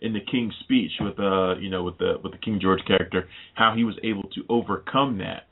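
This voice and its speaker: A man joining a casual film discussion, halting and repeating words as he starts his points. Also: low voice, fairly even intonation, breathy edge. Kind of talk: casual film review chat. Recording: tinny phone-like line.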